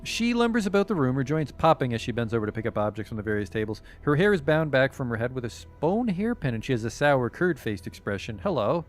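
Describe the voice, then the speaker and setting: A man's voice: medium pitch, very animated, fast talker, few pauses, faint music behind. A man streaming a video game, reading the on-screen text aloud with casual, swearing commentary.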